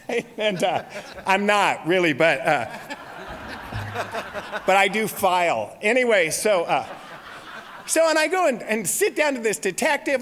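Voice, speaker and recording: High-pitched and fairly bright, a forties-aged man tells humorous stories as a recovery meeting speaker and laughs at his own lines. The setting is a large convention hall, recorded with noticeable reverberation.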